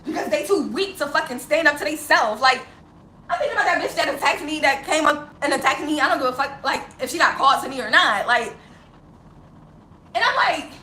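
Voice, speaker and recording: A woman with a high, bright voice vents straight to camera in a raw, heavily profane rant. She is emotional and close to tears, and laughs bitterly between lines. Her voice rings in a roomy space with faint ambience behind it. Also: expressive, a little fast, a little hiss or hum. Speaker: vlogger.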